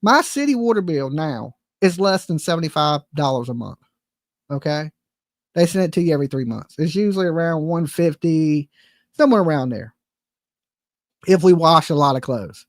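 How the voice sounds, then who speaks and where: A woman's voice: low voice, lively intonation, moderate pace, a little mellow, dry recording. A woman ranting in casual chat, profane and exasperated, rambling with frequent restarts. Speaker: livestream host. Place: home.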